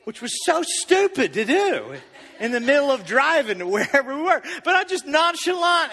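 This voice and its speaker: A bright, forceful man's voice, pitched fairly high, telling a personal story from the pulpit. He is animated and confessional, swinging between loud and hushed. The sound rings out with the long reverb of a large hall. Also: a little fast. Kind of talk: sermon storytelling.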